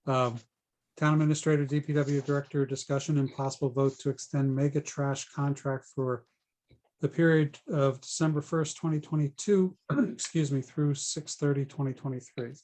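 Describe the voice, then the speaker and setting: A man's voice: fairly high pitch, fairly even intonation, moderate pace, darkish tone. A man chairing a town council meeting, calling votes in an informal way with many fillers and small jokes.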